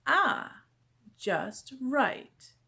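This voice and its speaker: A woman voicing a brisk female doctor in a read-aloud storybook, with drawn-out sing-song remarks. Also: sits high, very animated, gravelly, pushed and bright, husky, voice pushed up, exaggerated voice.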